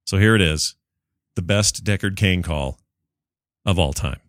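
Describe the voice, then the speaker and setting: Excitable male podcast host, low voice. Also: measured pace, no room sound, studio quality. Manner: excitable, joking. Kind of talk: casual podcast chat.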